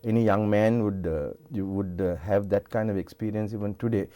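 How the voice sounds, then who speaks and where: A man's voice: lowish voice, steady tone, a little fast, warm tone. An older man with a Sri Lankan English accent, a singer telling rambling stories in a television interview with many restarts. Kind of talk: casual storytelling interview. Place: television studio.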